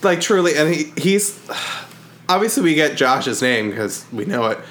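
A man's voice: fairly high pitch, sing-song, unhurried, a bit bright. A man co-hosting a podcast, chatting casually and jokingly about a book. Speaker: podcast co-host. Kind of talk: casual book discussion chat.

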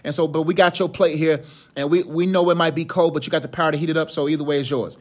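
Weary disciples coax a tired leader to eat, in a relaxed, slangy voice that a man puts on. The voice is high and light for a man. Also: fast, natural voice. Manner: slangy, coaxing. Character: weary hungry male disciples pleading.

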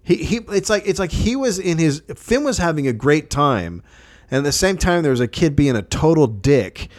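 A man hosting a casual chat, telling animated, profane anecdotes and acting out the quotes. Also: fairly high pitch, moderate pace.

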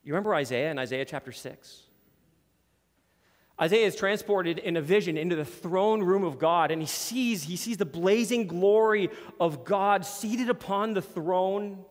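A man preaching a sermon in a church hall with a screen behind him, earnest and emphatic, slowing down to read scripture. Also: sits high. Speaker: pastor.

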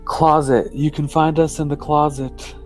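A man's voice: a little high, little pitch movement, unhurried, darkish tone, faint music behind, pitched above the performer's own voice, lightly acted, rough recording. A man voicing a frightened little girl who whimpers and pleads for help. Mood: terrified.

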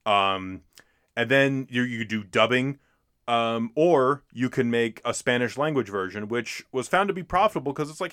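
A man's voice: medium pitch, animated, moderate pace, fairly bright tone, smooth, no echo. Chatty man with a dry sound. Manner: chatty, many fillers and restarts. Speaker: podcast co-host. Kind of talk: casual film discussion.

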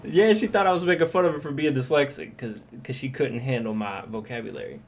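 A man's voice: mid-range voice, fast talker. A young man co-hosting a casual chat, rambling and profane, acting out quoted lines as he tells stories. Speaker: podcast co-host.

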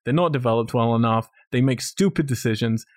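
A man's voice: mid-range voice, brisk, dry recording, clean studio sound. A man co-hosting a podcast, ranting bluntly about a film and swearing in casual chat. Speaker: podcast co-host.

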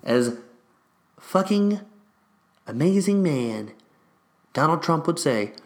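A young man with a slightly high, slow voice rants casually about games and a mix-up with a delivery. He swears nonstop and gets more worked up the longer he rambles, telling the story in a profane, excitable, restless way.

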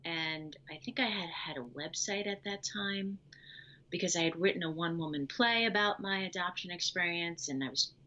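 A woman telling her personal story as an interview guest, lively and acting out the dialogue she recalls. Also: on the low side, normal speed, lo-fi sound. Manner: animated, acts out quoted dialogue.

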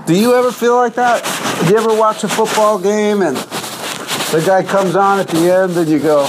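A man hosts his own podcast in a loose, rambling monologue, his slightly high voice swooping up and down as he clowns around. His delivery is goofy and offhand. A steady hiss of background noise sits under the recording. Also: normal speed. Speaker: podcast host.

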